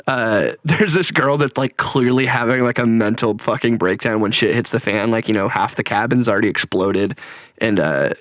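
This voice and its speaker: A man's voice: fairly low pitch, normal speed, a bit bright, dry recording, clean studio sound. A young man co-hosting a casual podcast, laughing often, swearing and acting out movie lines as he reviews films. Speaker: podcast co-host. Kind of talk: casual chat.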